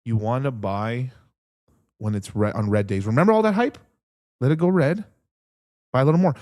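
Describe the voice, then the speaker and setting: A young man hosting a crypto livestream in a casual, rambling chat, swearing constantly and getting excitable as he talks. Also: mid-range voice, normal speed. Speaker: crypto stream host.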